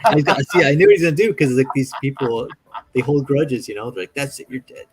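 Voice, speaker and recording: A man's voice: medium pitch, very animated, fast talker, a crowd in the background, poor audio. A man in casual chat while drawing on stream, telling stories animatedly and acting out quotes with a raised voice. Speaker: streaming artist.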